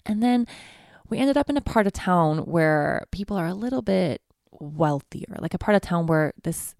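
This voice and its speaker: Gravelly-voiced woman in her twenties. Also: lowish voice, lively intonation, normal speed, a little mellow, dry recording, clean studio sound. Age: 20s. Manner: candid, confessional storytelling. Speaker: podcast host. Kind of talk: personal monologue.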